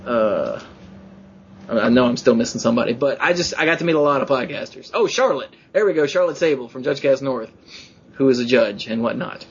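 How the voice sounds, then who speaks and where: A man hosting a podcast, chatting casually and telling excited stories in which he acts out quotes in a rising voice. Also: medium pitch, fairly quick, highs cut off, a little hiss or hum. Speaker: podcast host.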